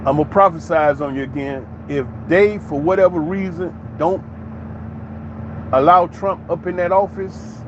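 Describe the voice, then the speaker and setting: A man's voice: fairly high pitch, moderate pace, noisy background. Emphatic preachy man, dull lo-fi sound. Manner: emphatic and preachy, with many rhetorical questions. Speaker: commentary channel host. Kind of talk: opinionated commentary monologue.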